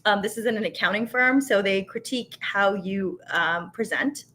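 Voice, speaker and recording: Brief: woman, 30s, live-stream host, chatty and animated, mid-pitched voice. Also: normal speed. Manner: chatty and animated, talks with her hands, many fillers. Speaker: host of a tasting show. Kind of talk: casual live-stream chat, reading viewer comments.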